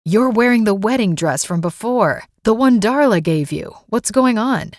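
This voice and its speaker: A man's voice: sits high, animated, normal speed, dry recording, clean studio sound. A woman voicing a young man, an affectionate groom, in a romance audiobook. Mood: tender. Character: loving, eager young groom.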